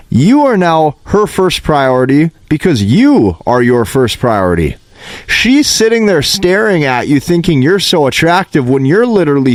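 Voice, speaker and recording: A man's voice: mid-range voice, no room sound. A man giving a motivational dating-advice monologue, emphatic and repetitive, lecturing the listener.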